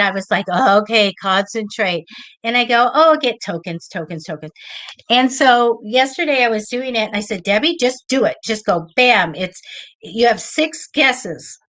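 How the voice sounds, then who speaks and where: A middle-aged woman hosting a live psychic show, chatting casually and telling excited stories with lots of acted-out quotes. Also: fairly high pitch. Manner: chatty storyteller, lively and excitable, acts out quoted voices. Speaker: psychic reader and show host. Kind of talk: casual live-stream chat.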